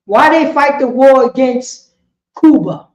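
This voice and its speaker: A woman's voice: high voice, expressive, slow, darkish tone. A woman leading an informal group lesson, quizzing her listeners and often asking "you know what I'm saying?". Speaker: class leader. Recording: echoey room, dull muffled sound.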